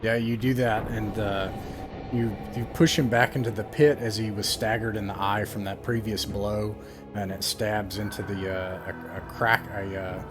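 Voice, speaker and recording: A man's voice: on the low side, little pitch movement, normal speed, over music. A man running a tabletop game, describing scenes with lots of ums and restarts. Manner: rambling, many fillers while describing scenes. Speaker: game master.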